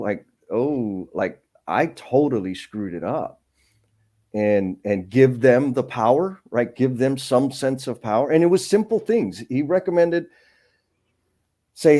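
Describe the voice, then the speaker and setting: A man's voice: mid-range voice, lively intonation, a little slow, warm tone. A man hosting a live stream, speaking candidly and earnestly about his own past struggles in a reflective, conversational way. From San Antonio, Texas. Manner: candid, earnest, thinks aloud with restarts.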